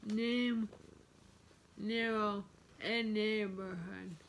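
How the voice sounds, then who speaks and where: A woman vlogging casually at home, practicing words slowly and carefully, one at a time. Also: mid-range voice, fairly even intonation, slight background noise. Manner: slow, careful word-by-word practice; chatty, talks to her cat. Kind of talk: casual vlog and speech practice. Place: home, with a cat nearby.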